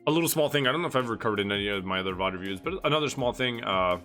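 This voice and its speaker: Bright-toned man casually breaking down replays. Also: on the low side, expressive, rapid-fire, soft background music. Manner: casual, rambling, swears freely. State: getting out of breath. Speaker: streamer reviewing competitive match replays. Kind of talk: live stream commentary.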